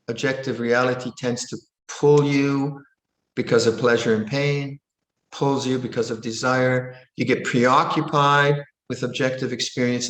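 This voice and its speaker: Monastic teacher, gentle and playful, given to sudden high exclamations; mid-pitched male voice in a roomy, echoing space. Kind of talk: Dharma Q&A teaching. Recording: roomy echo.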